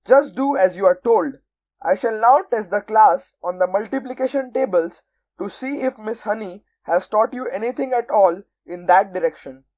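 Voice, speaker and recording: A woman's voice: mid-range voice, normal speed, darkish tone, natural voice. A woman reading a storybook aloud, voicing a cruel, sarcastic giant headmistress who snaps and bellows at the children. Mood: scornful. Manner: snapping, bellowing.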